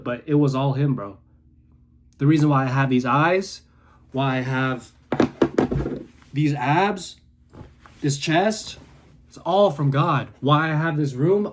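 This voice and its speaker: A man in his early twenties giving an intense, preachy motivational monologue to camera in his room, swinging from quiet to loud. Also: medium pitch. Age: 20s. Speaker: content creator.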